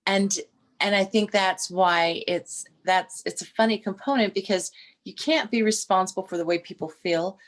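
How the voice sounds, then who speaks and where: A woman's voice: medium pitch, moderate pace. Chatty middle-aged woman telling stories. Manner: storytelling with frequent restarts and animated quoted voices. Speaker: podcast co-host. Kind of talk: casual chat.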